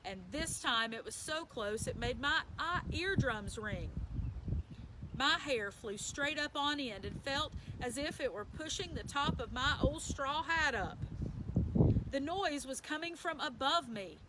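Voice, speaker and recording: A woman's voice: high voice, lively intonation, a little slow, heavy background noise. A woman reading a children's novel aloud as a bedtime story, in a plain storytelling manner with small slips and self-corrections. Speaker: story reader.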